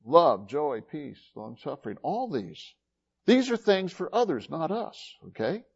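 A man preaching a sermon in an animated way, swinging between loud emphasis and quiet asides. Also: fairly high pitch, a little slow, gravelly, breathy edge, highs cut off. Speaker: pastor.

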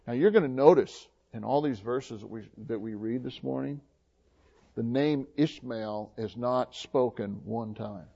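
A man's voice: mid-range voice, unhurried, gravelly, warm tone, muffled recording. A male pastor preaching a sermon in a folksy, conversational way, often restarting and filling with "uh" and "you know.". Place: church.

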